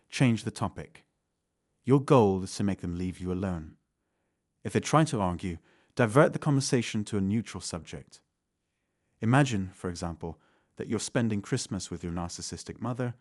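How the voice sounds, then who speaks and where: Low-voiced man, calm scripted narration. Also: dry recording, studio quality. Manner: calm, measured, instructive. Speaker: channel narrator. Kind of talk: scripted self-help narration.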